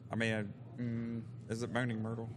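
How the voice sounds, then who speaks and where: A man answering quiz questions in a casual, hesitant, low-key way from a couch in a busy venue. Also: completely flat delivery, normal speed. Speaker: quiz contestant, co-host guest. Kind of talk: casual chat. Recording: noisy venue background.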